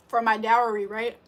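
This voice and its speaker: A woman livestreamer in casual chat, teasing and laughing as she answers viewer comments. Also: on the high side. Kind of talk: casual live-stream chat.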